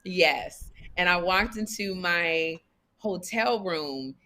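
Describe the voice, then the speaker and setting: A woman's voice: fairly low pitch, slow, sharp tone. A woman co-hosting a podcast, chatty and emphatic in casual conversation. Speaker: podcast co-host.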